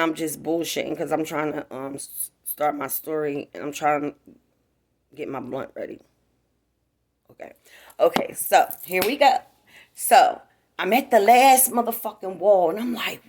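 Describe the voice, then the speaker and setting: A woman's voice: low voice, unhurried, pauses often, a little mellow. A woman tells a casual, profane storytime to her viewers at home. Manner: profane, chatty, talks straight to viewers. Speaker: vlogger. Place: home, indoors.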